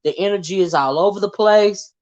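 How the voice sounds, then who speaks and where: A woman's voice: mid-range voice, a little fast, darkish tone. A woman hosting a casual livestream and greeting her viewers by name in a folksy, chatty way. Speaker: livestream host. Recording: dull lo-fi stream audio.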